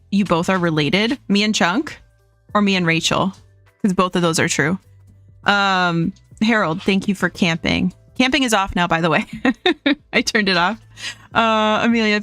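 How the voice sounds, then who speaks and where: A woman's voice: mid-range voice, a bit bright, no echo. A young adult woman streaming from home, chatting casually, reading chat aloud and laughing often.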